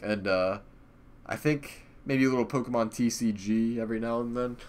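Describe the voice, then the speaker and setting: A man's voice: medium pitch, normal speed, a little mellow, slight background noise. A young man, a YouTuber, rambling casually and profanely about old channels, laughing often. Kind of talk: casual nostalgic commentary.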